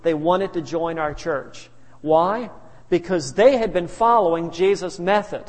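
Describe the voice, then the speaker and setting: An unhurried pastor with a voice on the high side tells amusing anecdotes in a sermon, adding chuckling asides. The recording has the echo of a reverberant hall.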